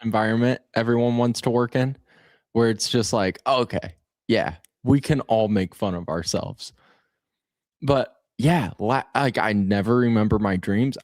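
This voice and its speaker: A man who works as a radio producer, telling an animated story in casual radio chat and laughing as he goes. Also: mid-range voice, normal speed, no room sound, clean studio sound.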